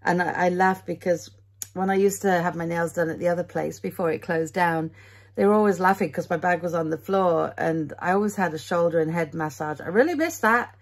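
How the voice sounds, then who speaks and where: A British woman chatting away at home in a casual vlog, with a low voice that has a gravelly edge. She rambles from one thing to the next and keeps laughing at herself, with plenty of ums along the way. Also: fairly quick. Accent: British English. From Britain. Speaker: vlogger. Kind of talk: casual day-in-the-life vlog.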